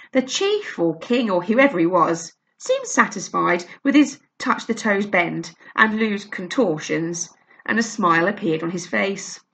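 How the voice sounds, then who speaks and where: A woman reading a children's novel aloud, with a lively, expressive delivery. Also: medium pitch. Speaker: storyteller.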